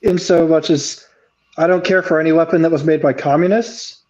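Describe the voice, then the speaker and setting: A man's voice: on the high side, steady tone, normal speed, a little mellow. A man co-hosting a casual livestream chat with dry, wry humor. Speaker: podcast co-host. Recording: muffled lo-fi mic.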